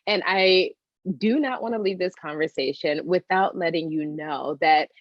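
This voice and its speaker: A woman's voice: fairly low pitch, moderate pace, no echo. Hesitant woman on a dull, dry call. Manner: hesitant, many ums and likes, emotional. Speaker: coaching client, joy strategist for working moms. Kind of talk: role-play then open reflection.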